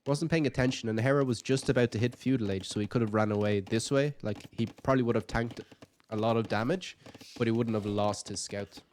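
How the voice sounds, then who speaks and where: A man's voice: mid-range voice, a little fast, darkish tone, a little hiss or hum. A man giving casual commentary on a strategy game match, chatty and thinking aloud with light jokes. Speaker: game caster.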